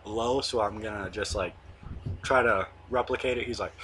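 A man's voice: on the low side, moderate pace, fairly bright tone, a little hiss or hum. A young man in his late teens hosting his own online show, rambling casually with lots of fillers and the odd swear word. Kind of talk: casual monologue to camera.

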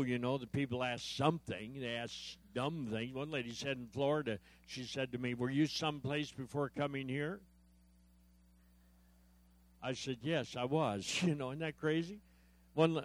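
A male guest preacher giving a humorous sermon at a church service. He tells jokes, acts out the dialogue in his stories and calls out to the audience for responses. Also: medium pitch. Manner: joke-telling storyteller, acts out dialogue.

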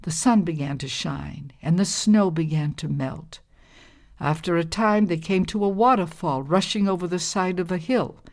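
A woman tells a folktale aloud in a measured, expressive storybook style. Her voice sits on the low side for a woman. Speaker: narrator. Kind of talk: storybook narration.

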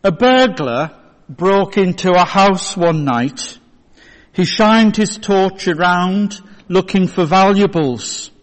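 High-voiced man preaching a sermon. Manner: measured storytelling. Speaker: pastor. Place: church. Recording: long church reverb.

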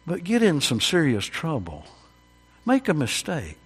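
A man, preaching a sermon to a congregation as pastor, swinging between loud emphatic peaks and hushed quiet drops. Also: a little high, huge pitch swings, a little slow, slightly rough, big-room sound. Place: church during an evening service.

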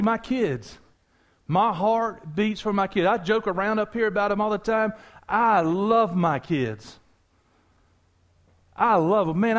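Here a man in a high voice preaches as a pastor, keeping things animated and conversational as he speaks straight to the congregation, full of asides and humor.

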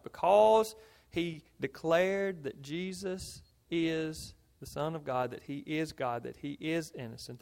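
A man preaching a sermon in an earnest manner, swelling to emphatic points and dropping low and soft. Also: vocal fry. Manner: earnest, rises to emphatic then drops low.

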